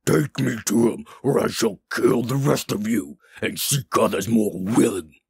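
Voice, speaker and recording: A man reading a story voices a stern, commanding orc warlord who makes booming, forceful declarations. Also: a little slow, husky, exaggerated voice. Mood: threatening.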